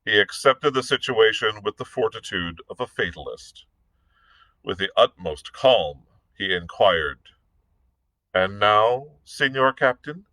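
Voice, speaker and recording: A male librarian reads a classic adventure novel aloud, narrating at a steady pace. His voice is fairly low but bright and forceful. The sound is close and dry. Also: unhurried, no echo, low-quality recording. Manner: steady narration with occasional small slips. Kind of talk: read-aloud storytelling.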